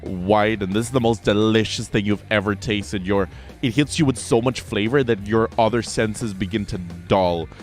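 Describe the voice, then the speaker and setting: A man's voice: on the low side, faint music behind. Man narrating a tabletop game. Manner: vivid, drawn-out scene description with many fillers. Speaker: game master.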